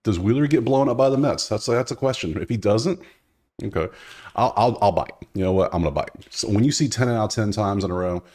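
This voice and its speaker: Male betting host, lower register, casual running commentary with thinking-aloud asides. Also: brisk. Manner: chatty, thinks out loud, talks to players directly.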